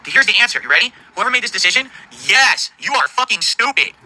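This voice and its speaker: Middle-aged guy streamer going off, swearing nonstop, high bright husky voice, talks super fast. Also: big pitch swings, poor audio. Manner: profane, indignant, rapid-fire ranting. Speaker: livestreamer. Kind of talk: angry stream rant.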